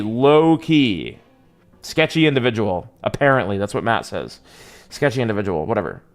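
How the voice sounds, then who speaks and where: A young man livestreaming, telling a rambling, profane story to his chat in a casual, slangy way with lots of restarts. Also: medium pitch.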